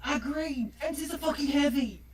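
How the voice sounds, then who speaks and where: A man's voice: very high voice, moderate pace, slight background noise. A man from England with an English accent, chatting casually and telling stories with plenty of swearing. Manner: swearing, animated storyteller. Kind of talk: casual chat.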